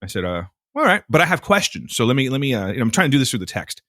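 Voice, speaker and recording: A man co-hosting a podcast talks very fast in a medium-pitched voice, telling a casual, exasperated, animated story packed with profanity. The recording is dry, with clean studio sound.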